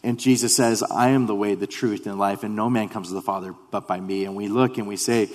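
A man preaching a sermon in an earnest way, repeating himself and dropping to a hush when he voices quoted prayers. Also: fairly low pitch, steady tone, fairly quick, hardly any pauses. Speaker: pastor. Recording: long hall reverb.

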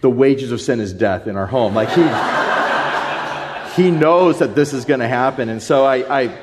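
A man's voice: medium pitch, normal speed, darkish tone, slight background noise. A man in his thirties, a pastor telling a rambling family story in a sermon with many fillers.

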